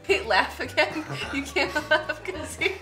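Goofy, lively woman vlogger in a roomy space. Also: sits high, a little slow. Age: 30s. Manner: playful, goofy, swearing, sudden loud outbursts. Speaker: vlogger host. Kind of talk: casual comedic vlog chat. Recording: roomy echo, faint music.

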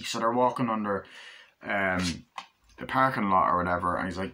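A movie reviewer rambles casually through a film review, swearing often and acting out scenes in a higher voice. He talks a little slowly, with long pauses and a sharp tone.

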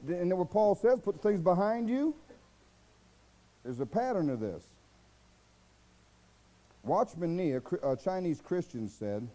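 Folksy American preacher, lively swings. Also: male voice, a little high, poor audio. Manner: folksy, exhorting, rhetorical questions and mimicked voices. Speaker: pastor. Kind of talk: sermon.

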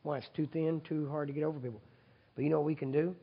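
Male preacher, gravelly and husky, conversational with the congregation, dull recording in a big reverberant hall. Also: a little high, steady tone, fast talker. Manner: leads congregation in repeat-after-me prayer, loud and emphatic; conversational, asks audience for agreement. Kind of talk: sermon.

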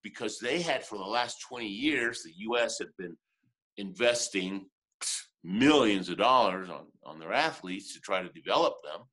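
Lower-voiced man telling a lively story. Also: normal speed. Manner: lively, chuckles often, restarts sentences. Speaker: motivational speaker, interview guest. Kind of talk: animated storytelling in conversation.

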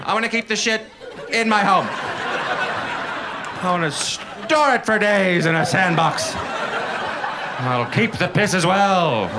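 A man voicing a whiny, fussy cat owner in a shrill, exaggerated, sarcastic way during a stand-up set. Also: vocal fry. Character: whiny, fussy cat-owning person mocking dogs. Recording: live comedy club crowd noise.

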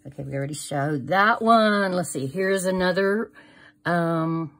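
A woman's voice: lowish voice, measured pace, a bit bright. A middle-aged woman chatting casually through a crafting haul, gushing over each item and trailing off into fillers. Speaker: crafting vlogger. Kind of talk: casual product haul show-and-tell.

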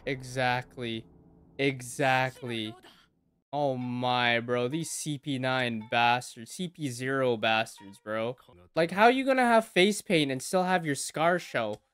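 Excitable man reacting to anime, dry sound. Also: medium pitch, a little slow, clear, resonant tone, no echo. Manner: excitable, swings between mumbling and loud outbursts; swears, stammers and repeats words. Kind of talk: casual reaction commentary.

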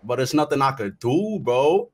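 A man's voice: medium pitch, expressive, normal speed, a little hiss or hum. A man in casual roleplay banter, defensive and stammering, full of slang.

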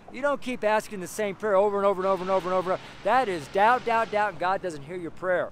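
A man's voice: high-pitched, quick pace, few pauses, a little hiss or hum. Fervent man preaching on the street. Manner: fervent preaching, acts out the Bible scenes in voices. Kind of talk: street sermon.

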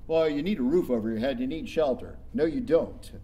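A man's voice: mid-range voice, fairly quick, warm tone. A middle-aged male pastor delivering a sermon in a church, emphatic and conversational, with rhetorical questions.

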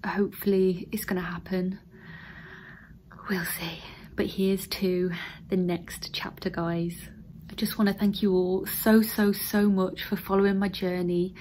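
A woman's voice: medium pitch, little pitch movement, unhurried, darkish tone, a little hiss or hum. A woman in her thirties with an English accent, vlogging emotionally to camera from an emptied room at home, her voice often dropping to a whisper. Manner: emotional, tearful, breaking into whispers. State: teary. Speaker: vlogger, newly qualified nurse. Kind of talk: casual vlog talk to camera.

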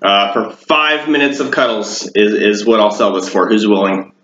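A man rambles through a casual home cooking vlog in his kitchen, deadpan and full of dark jokes. His voice is bright and pointed, and the room around him rings with echo. The recording is dull and lo-fi, with a faint hiss behind it. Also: on the low side, normal speed. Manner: deadpan, darkly joking, rambling. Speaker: home cooking show host. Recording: echoey room, dull lo-fi sound.

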